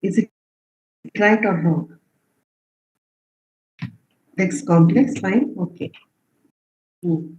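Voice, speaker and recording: In a live online lecture, a programming instructor with a mid-range, slightly mellow voice draws out words and pauses often. He quizzes students, reads their answers aloud, and keeps checking in with "okay?" and "right?" over roomy, dull lo-fi stream audio with slight background noise.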